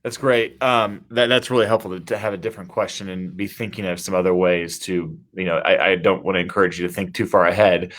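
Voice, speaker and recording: A man's voice: sits low, steady tone, fairly quick, hardly any pauses, fairly bright tone. An American man from the Midwest, hosting a live talk show in a casual way with lots of fillers. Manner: casual, many fillers like "you know". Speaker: host, city mayor.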